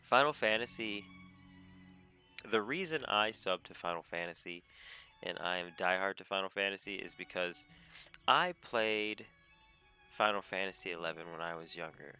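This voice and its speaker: A man giving a casual, rambling rant about video games on a desk mic, animated and often laughing. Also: deep voice, moderate pace, pauses often. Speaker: gamer vlogger. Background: faint game music.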